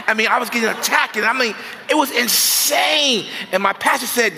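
A man preaching as a guest pastor, telling comic stories in an animated, self-mocking, conversational way. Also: very high voice, normal speed, vocal fry, big-room sound. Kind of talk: sermon with comic storytelling. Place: church sanctuary.

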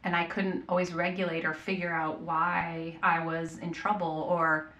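A woman's voice: lowish voice, moderate pace, echoey room. A woman in her thirties, a podcast guest telling stories in casual chat and acting out what people said. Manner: animated storytelling, acts out quotes.

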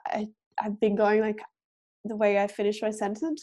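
Australian woman rambling on as a guest, lots of likes and ums, mid pitch. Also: normal speed, dark tone. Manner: chatty, rambling, filler-heavy. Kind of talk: casual interview chat.

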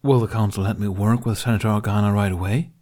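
A man's voice: lowish voice, fairly even intonation, quick pace, darkish tone, natural voice. Man doing an earnest grown Jedi knight. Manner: formal, earnest.

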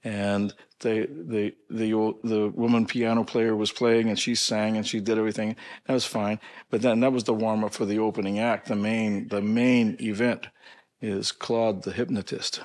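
A man's voice: lowish voice, little pitch movement, a little mellow. Chuckling man telling stories. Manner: chuckling storyteller, halting restarts. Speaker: archbishop, podcast guest. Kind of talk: casual spiritual chat and anecdotes.

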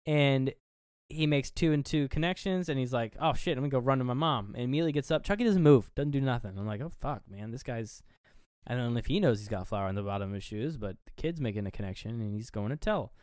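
Animated man recapping a movie, smooth voice. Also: mid-range voice, quick pace, no echo, studio quality. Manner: animated retelling, acting out characters' lines; swears casually. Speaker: podcast co-host. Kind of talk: casual movie recap chat.

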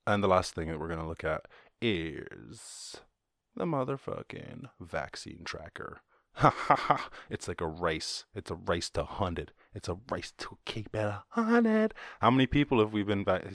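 A man's voice: low voice, sing-song, unhurried, vocal fry, fairly bright tone, dry recording, studio quality. An Irish man hosting a podcast, rambling through casual solo commentary, jokey and full of swearing. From Ireland. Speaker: podcast host.

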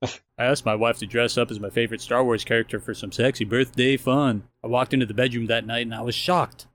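A man with a medium-pitched voice tells crude jokes among friends. He builds each one at an even, story-like pace before the punchline. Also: brisk. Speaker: podcast co-host. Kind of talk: casual joke-telling among friends.

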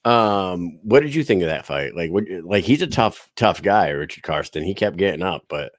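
A man co-hosting a casual podcast, relaxed, laughing often and restarting his sentences. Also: sits low, moderate pace, no room sound. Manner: laid-back, laughing, stammering restarts. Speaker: podcast co-host. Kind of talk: casual chat.

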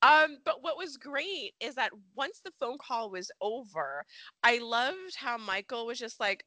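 A woman co-hosting a chatty podcast with a bright, forceful voice set a little high. She talks in an animated way, laughing often and saying "like" a lot. Her close mic gives a dry sound. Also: a little slow, no room sound. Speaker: podcast co-host. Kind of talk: casual chat recapping a soap opera.

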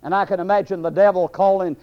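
A man's voice: high-pitched, steady tone, quick pace. A man preaching a sermon, impassioned and building, with frequent fillers. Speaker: pastor. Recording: dull lo-fi recording.

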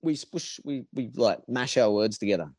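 A man's voice: medium pitch, lively intonation, moderate pace, darkish tone, no room sound. An Australian man with a nasal voice, rambling in casual podcast chat with lots of swearing and restarts. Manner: rambling, profane, with many restarts. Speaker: podcast guest.

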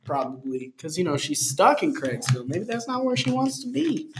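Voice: medium pitch, sing-song, moderate pace, background noise. Sarcastic storyteller reading aloud. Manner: teasing, sarcastic commentary. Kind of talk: comedic reading with asides.

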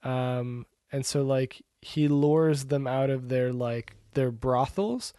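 A man co-hosting a casual podcast, rambling in a relaxed way with many fillers. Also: mid-range voice, takes it slowly, no echo, studio quality. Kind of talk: casual chat about movies and shows.

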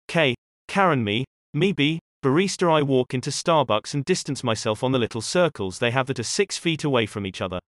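A man reading posts from an online forum aloud in a steady, even storytelling manner. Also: mid-range voice, fairly quick, no room sound, clean studio sound. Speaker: story reader.

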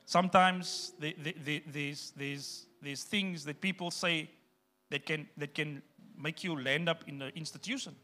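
High, bright-voiced preaching pastor. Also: male voice, fairly even intonation, a little slow. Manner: emphatic preaching that addresses the congregation directly. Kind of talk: sermon.

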